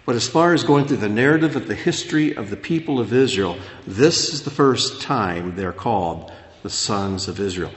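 A man preaching a sermon as pastor, dropping low and soft, then rising loud and animated. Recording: echoey hall.

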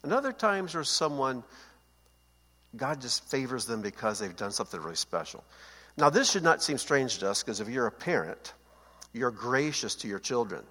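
Very animated and bright, this man's mid-range voice comes across as pushed while he moves at a normal speed. He is giving a seated, conversational Bible teaching, frequently checking that listeners follow. A long hall reverb surrounds the recording.

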